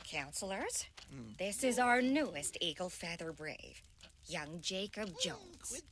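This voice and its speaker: An actress playing a brisk, bossy camp leader in a game, talking in a scolding way. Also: female voice, on the low side, expressive, crowd noise.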